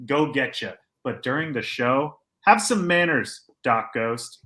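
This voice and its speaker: Male podcast co-host, bright and forceful tone, animated storyteller, opinionated banter. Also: medium pitch, measured pace. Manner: animated storyteller acting out quotes; joking, opinionated. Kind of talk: casual podcast chat.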